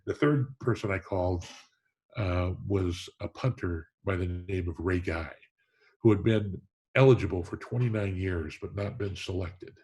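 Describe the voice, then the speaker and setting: Husky-voiced man telling stories. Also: sits low. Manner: earnest, warm storytelling with frequent restarts. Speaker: Hall of Fame president, interview guest. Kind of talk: storytelling in a conversational interview.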